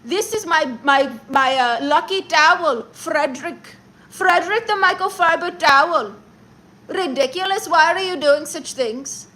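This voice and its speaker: A woman's voice: sits high, measured pace, pushed and bright. A woman putting on a scolding male podcast host. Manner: mocking, exasperated, lecturing. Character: bossy male podcast host mocking men's hobbies. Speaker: livestream comedy host. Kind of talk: comedic character livestream.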